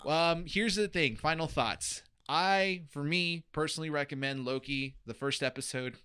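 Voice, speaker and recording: A man's voice: on the high side, moderate pace, bright, forceful tone, clean tone. A man co-hosting a casual show talk podcast, chatting with friends and giving his recommendations. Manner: hesitant, gives final recommendations. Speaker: podcast co-host. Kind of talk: casual chat.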